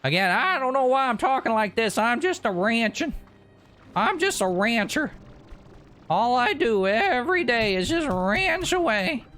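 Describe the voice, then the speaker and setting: A man voicing a rowdy, foul-mouthed country rancher, hollering in a high, swearing voice. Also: very animated, measured pace, sharp tone, full character voice.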